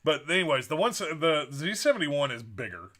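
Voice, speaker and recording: A man's voice: on the high side, big pitch swings, moderate pace, a bit bright. A man co-hosting a casual building live stream, easygoing, reading chat comments with rambling asides.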